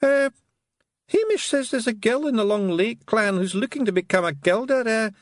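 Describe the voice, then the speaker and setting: Tiny Scottish pixie: high, bashful, stammering, storybook. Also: male voice, animated, moderate pace, no echo, studio quality. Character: tiny nervous male pixie warrior.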